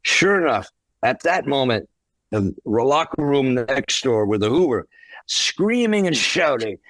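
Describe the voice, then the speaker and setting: A man telling a wild anecdote from his time as a touring musician, animated and acting out the voices in it. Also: medium pitch, unhurried, dry recording. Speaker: guest musician. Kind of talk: anecdotal storytelling.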